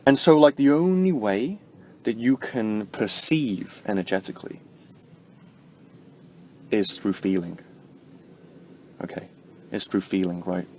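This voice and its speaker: A man talks through spiritual ideas in a casual vlog. His voice sits a little low, but it leaps up sharply whenever he stresses a point. He rambles and keeps checking in with "right?" as he goes. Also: slow pace, long pauses, a little hiss or hum. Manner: rambling, heavy use of fillers like "like" and "right?"; swings sharply up in pitch and loudness to stress points. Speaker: spiritual vlogger. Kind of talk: casual spoken explanation to camera.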